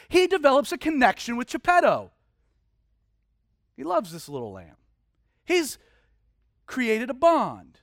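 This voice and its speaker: A man's voice: very high-pitched, a bit bright, no echo, clean studio sound. A man preaching a sermon, telling a story vividly and dramatically with frequent restarts.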